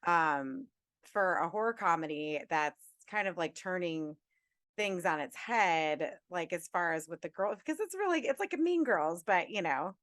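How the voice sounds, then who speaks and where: Woman, podcast co-host, casual chat, lowish voice, dry sound, chatty and laughing easily. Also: expressive, unhurried, fairly bright tone, no room sound.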